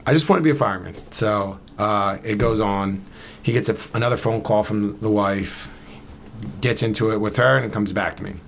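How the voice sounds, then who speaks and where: A man's voice: fairly low pitch, normal speed, a bit bright, a little hiss or hum. A man in his thirties from Camden, New Jersey, a podcast guest casually telling a long story and acting out both sides of the conversation. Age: 30s.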